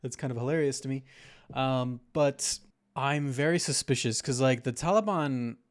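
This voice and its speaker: Smooth-voiced man musing on conspiracies. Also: medium pitch, normal speed. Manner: conspiratorial, hedging with fillers, laughs at his own points. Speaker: podcast co-host. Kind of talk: casual political podcast chat.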